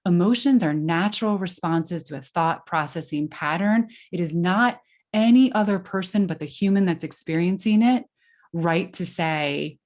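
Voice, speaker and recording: A woman's voice: on the low side, moderate pace, darkish tone. A woman guest on a podcast, giving parenting advice in an earnest, explanatory way with frequent fillers and restarts. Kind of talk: conversational interview answer.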